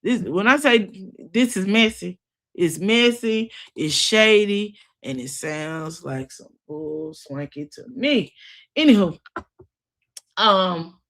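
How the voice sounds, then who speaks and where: A woman talks through a reality show episode like she is catching up a friend. Her voice sits at an ordinary middle pitch. She is chatty and expressive, drops sassy asides and often laughs while she retells the scenes. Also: slow. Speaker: reality TV recap vlogger. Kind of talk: casual gossipy recap commentary.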